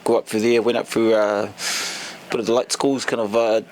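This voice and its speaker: Gravelly New Zealand man, halting. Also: fairly low pitch, little pitch movement, slight background noise. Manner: halting, filler-heavy telling. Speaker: police officer, podcast guest. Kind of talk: casual chat.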